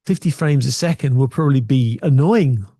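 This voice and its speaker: A man's voice: medium pitch, normal speed, warm tone, no room sound. A man giving casual, opinionated tech talk from his small home studio, full of wry asides. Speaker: video tech presenter.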